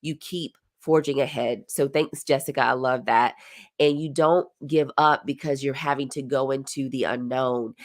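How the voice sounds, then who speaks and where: A woman's voice: very deep voice, fairly even intonation, normal speed. A woman in her forties, a career coach, giving an earnest, heartfelt motivational talk on a live stream and repeating phrases for emphasis.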